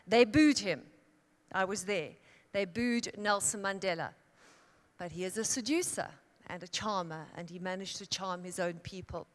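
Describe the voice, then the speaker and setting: Dramatic woman speaker in a big hall. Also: medium pitch. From Italy. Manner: dramatic storyteller with emphatic pauses and swells. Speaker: keynote speaker. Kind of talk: storytelling speech. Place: large conference hall. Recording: long hall reverb.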